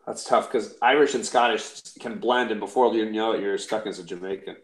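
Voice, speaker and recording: A man's voice: on the low side, fairly quick. A man co-hosting a live comic auction, chatting in a joking, rambling, self-deprecating way. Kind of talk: casual live-stream chat. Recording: roomy echo.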